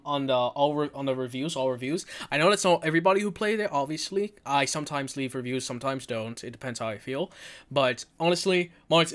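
A young adult gaming video creator giving nervous, jittery let's-play commentary on a horror game, often stammering and repeating words. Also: mid-range voice.

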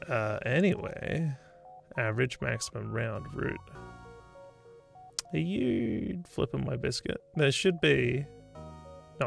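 A streamer and game developer with an Australian accent codes on a live stream, rambling and thinking aloud with frequent restarts in casual chat. His voice is medium-pitched, gravelly, and fairly bright.

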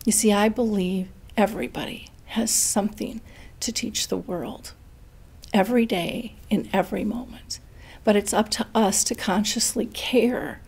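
A middle-aged woman speaking earnestly about dementia care and telling a family story with lively quoted voices. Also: mid-range voice, creaky, slightly rough. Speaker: dementia educator and host. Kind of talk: conversational storytelling.

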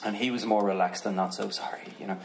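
A man's voice: fairly low pitch, fast, creaky, poor audio. Irish man telling a story on stage. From Ireland. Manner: relaxed, joking, chatty, swears casually. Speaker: singer on stage. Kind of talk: storytelling between songs at a live concert. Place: outdoor concert stage. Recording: live concert recording with crowd noise. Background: audience crowd murmur.

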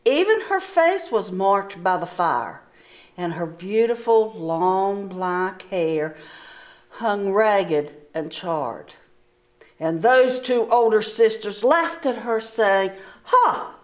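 Slow, expressive woman teacher reading aloud. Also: mid-range voice. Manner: slow, expressive storytelling with pauses. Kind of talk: reading a storybook aloud to children.

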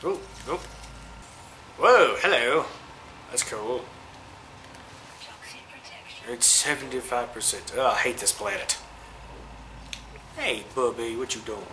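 A man giving chatty, excitable let's-play commentary, cooing at the creatures he meets. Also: medium pitch, slow, pauses often, background noise. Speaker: gamer.

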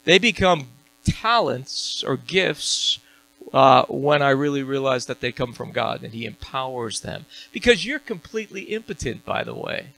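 Man, pastor, church sermon, gravelly, bright-edged, emphatic rhetorical questions, faint hum. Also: medium pitch, lively intonation, unhurried, low-quality recording. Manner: preaching with rising, emphatic call-and-response questions. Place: church sanctuary.

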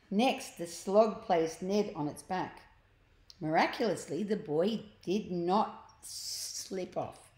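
Woman reading a children's book aloud, slow, lowish voice, echoey room. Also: a little mellow. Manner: slow, explains words and pictures to young listeners. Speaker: storyteller.

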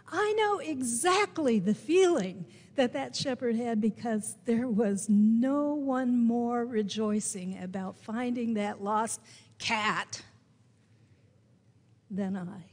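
Slow-speaking woman pastor in a reverberant sanctuary. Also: fairly high pitch. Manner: slow, gentle storytelling with emphatic rises. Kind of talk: sermon. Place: church sanctuary.

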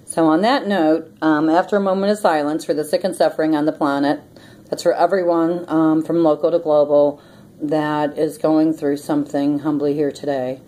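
Her low-pitched, dark voice stays steady at a normal speed as she hosts a laid-back prayer and meditation channel. She's chatty and rambling, full of ums, often bursting into laughter, on a low-quality recording.

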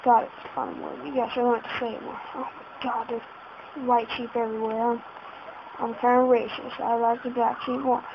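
A woman's voice: on the high side, flat delivery, normal speed, gravelly, noisy background. A woman giving casual let's-play commentary, flustered and exclaiming in panic as she plays. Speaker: gamer. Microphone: laptop setup. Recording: dull lo-fi home recording.

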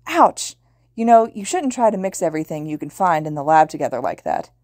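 A woman's voice: low voice, big pitch swings, a little fast, a little mellow, dry recording, clean studio sound. A woman voicing an exasperated male teacher in a story read aloud. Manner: pleading, exasperated.

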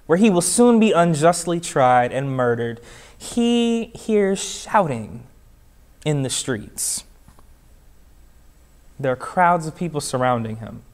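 Slow-preaching male pastor. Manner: measured, repetitive preaching cadence building to emphatic high. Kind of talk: sermon. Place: church.

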